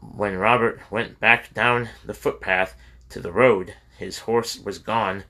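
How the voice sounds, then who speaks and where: A man narrating an audiobook in a steady storytelling reading. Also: fairly low pitch, slow. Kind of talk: scripted narration.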